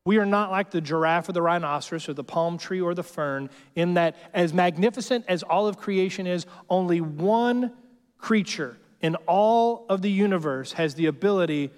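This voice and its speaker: A clear, resonant, high-pitched male voice belongs to a pastor preaching at a normal speed. He jokes casually and often asks the congregation "right?" Long hall reverb fills the recording.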